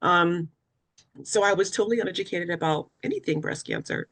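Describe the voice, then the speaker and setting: Speaking a little fast, this young adult woman has a fairly low, fairly bright voice. She is a West African cancer survivor and patient advocate sharing her story in a webinar interview, earnest and emotional, voicing the words others said to her.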